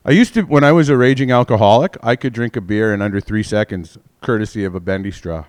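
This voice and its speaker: A man's voice: lowish voice, fast, smooth. A man in his forties doing a stand-up comedy set, rambling and profane, constantly mocking himself. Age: 40s.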